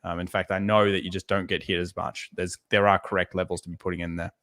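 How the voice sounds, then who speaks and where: A man co-hosting a live trading show, talking through charts in a relaxed way and repeating words for emphasis. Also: low-pitched, fast. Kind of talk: live market analysis chat.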